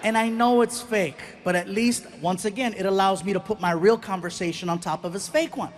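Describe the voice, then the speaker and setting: A middle-aged man performing a stand-up comedy routine, telling a story with animated delivery and acting out the voices. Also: sits high, fairly quick.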